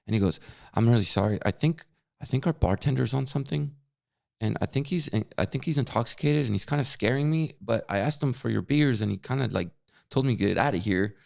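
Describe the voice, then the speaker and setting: A man's voice: fairly low pitch, creaky. A man co-hosting a podcast, telling a story in casual chat and acting out what others said, often repeating his words. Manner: animated storyteller, acts out quotes, repeats words. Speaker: podcast co-host.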